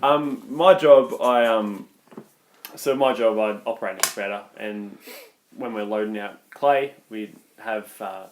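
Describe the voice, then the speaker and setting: A man's voice: fairly low pitch, measured pace, background noise. A man with an Australian accent co-hosting a podcast, telling rambling stories in a casual, swearing way. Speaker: podcast co-host. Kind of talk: casual chat.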